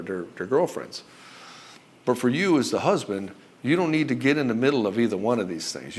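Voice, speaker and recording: A middle-aged man speaks straight to his audience as a relationship coach, his voice sitting a little low. He is blunt and swears freely, and he often slips into acting out both sides of a conversation between a husband and wife. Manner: blunt and profane, acts out both sides of dialogues. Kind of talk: direct-to-camera coaching monologue.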